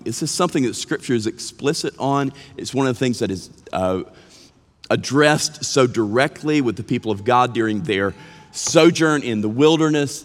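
A pastor preaches in a church sanctuary, slow and earnest, leaning into key words with drawn-out emphasis. His pitch rises and falls expressively, he playfully mimics whiny complaints, and the large hall gives his voice a long reverb.

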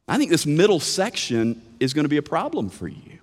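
A man preaching a sermon as pastor, animated, swinging from emphatic lines to hushed ones. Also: a little high, fairly quick, long reverb tail. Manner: animated preaching with sudden drops to a hush. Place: church sanctuary.

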